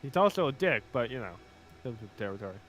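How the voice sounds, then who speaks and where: A man chatting casually and joking while streaming a co-op game, swearing freely and cutting in with loud bursts. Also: mid-range voice, big pitch swings, fast talker, a little hiss or hum. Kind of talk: casual gaming chat.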